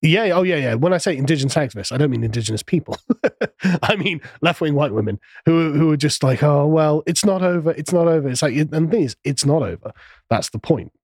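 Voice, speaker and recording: A man's voice: on the high side, expressive, fairly quick, breathy edge, no echo. A man hosting a podcast, talking through politics in a casual, sardonic way. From England. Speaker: podcast host.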